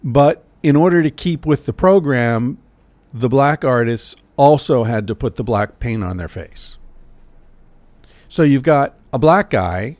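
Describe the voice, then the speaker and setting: A man's voice: mid-range voice, darkish tone, no echo. A middle-aged man hosting a podcast, delivering a casual monologue full of sardonic, profane jokes. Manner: sardonic, profane, jokey rants. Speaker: podcast host. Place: lives in Portland.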